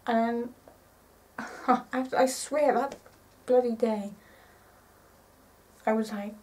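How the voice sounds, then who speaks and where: A woman in her twenties chatting casually to camera in a rambling, excitable way, often correcting herself. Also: a little high, takes it slowly, recorded from a distance, rough recording. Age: 20s. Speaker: vlogger.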